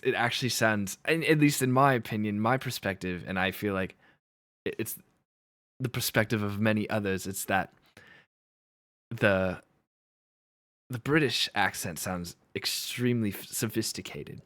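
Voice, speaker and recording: A man's voice: on the low side, a little slow, long pauses, fairly bright tone, no echo. A man streaming live and chatting casually with his viewers. He rambles, corrects himself and laughs often.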